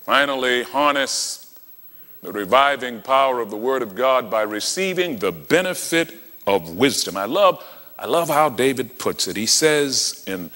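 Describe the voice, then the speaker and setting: Lively storytelling preacher in a hall. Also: male voice, mid-range voice, a little slow. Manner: dramatic storytelling, acting out dialogue. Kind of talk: sermon. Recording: long hall reverb.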